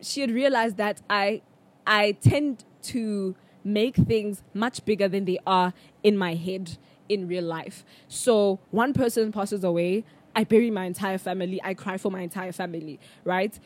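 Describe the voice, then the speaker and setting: A young South African woman hosting a podcast, telling a personal story in a chatty, animated way with bursts of laughter. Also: mid-range voice, normal speed. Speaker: podcast host. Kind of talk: casual storytelling monologue.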